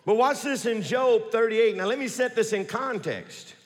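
A male pastor with a high, swooping voice delivers an animated, folksy sermon full of joking asides. His words ring out with a long reverb from the church hall around him. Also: moderate pace.

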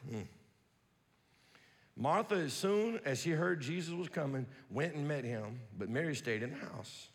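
A high-voiced male pastor preaching in a church, his pitch jumping all over. He shifts from hushed, musing asides to loud, driving preaching, with a folksy way of talking and scripture read aloud. A long reverb hangs on his voice. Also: expressive, a little slow. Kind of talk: sermon.

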